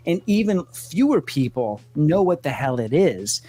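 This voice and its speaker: A man's voice: on the high side, expressive, fast talker, few pauses, darkish tone. A man with a Louisiana accent co-hosting a podcast, telling stories emphatically and swearing casually. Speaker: podcast co-host. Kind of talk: casual chat.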